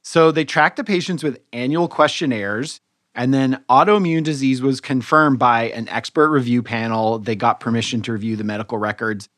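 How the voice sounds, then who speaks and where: A man co-hosting a medical podcast, casually explaining research papers and pausing to rephrase as he goes. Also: medium pitch, no room sound, studio quality. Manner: explanatory, relaxed, thinks aloud with restarts. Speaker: podcast co-host physician reviewing papers. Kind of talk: conversational medical journal review.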